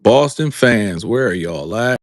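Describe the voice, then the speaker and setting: A man hosting a live sports talk stream, calling out to his viewers and repeating himself in a drawn-out way. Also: on the low side, expressive, dry recording, studio quality. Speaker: sports talk show host. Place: home studio with a green background.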